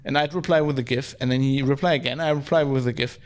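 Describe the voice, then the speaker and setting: A man's voice: mid-range voice, steady tone, quick pace. A man chatting casually on a podcast, rambling and swearing, with lots of filler words. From Germany. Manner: rambling, profane, heavy use of "like". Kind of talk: casual chat.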